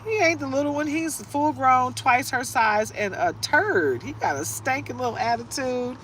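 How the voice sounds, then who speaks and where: A woman's voice: high voice, expressive, normal speed, fairly bright tone, slight background noise. Chatty woman giving a casual tarot reading. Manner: chatty, laughing, rambling asides. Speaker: tarot reader. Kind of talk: casual live reading chat.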